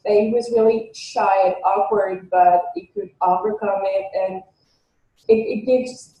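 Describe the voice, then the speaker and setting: A woman with a French accent, a guest author chatting in an interview, speaking hesitantly with many pauses and fillers. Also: medium pitch, fairly even intonation, dark tone, roomy sound, rough recording. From France. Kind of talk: casual interview chat.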